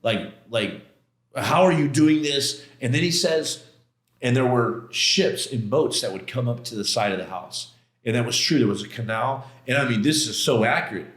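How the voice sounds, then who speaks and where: A man sits in as a podcast guest and tells a personal story in loose, conversational speech. He stresses key moments and acts out his own past outbursts. His voice sits at an ordinary male pitch, with a roomy echo around it. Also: expressive, moderate pace, fairly bright tone. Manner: emphatic, casual, slangy, re-enacts his own outbursts.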